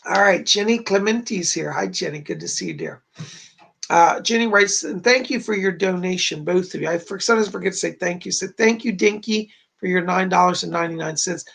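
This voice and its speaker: A man's voice: high-pitched, lively intonation, brisk, gravelly, a bit bright, husky. A man hosting a livestream, chatting casually as he reads viewers' messages aloud and gives psychic readings. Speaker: psychic medium host.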